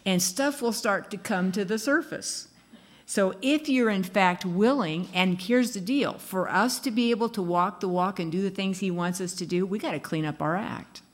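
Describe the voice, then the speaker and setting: A woman's voice: mid-range voice, moderate pace. A woman giving a casual sermon, chatty and laughing, acting out little quoted lines as she goes. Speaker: speaker giving a devotional talk.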